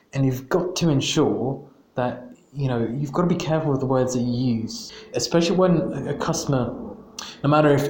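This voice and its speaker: A man hosting a podcast, telling a casual story in a halting way, repeating words and laughing at himself. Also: mid-range voice, darkish tone. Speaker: podcast host. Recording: roomy echo.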